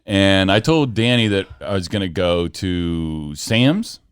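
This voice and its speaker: A man co-hosting a podcast in casual chat, animated and laughing often, his voice jumping high when joking. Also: takes it slowly, clean tone. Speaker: podcast co-host.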